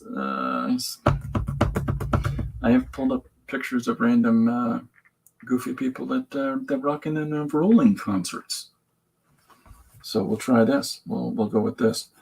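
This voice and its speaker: In this poor-quality recording with slight background noise, a man's gravelly, medium-pitched voice sounds animated but unhurried. He's drawing comics on his live stream, and his talk rambles along with jokes and plenty of restarts.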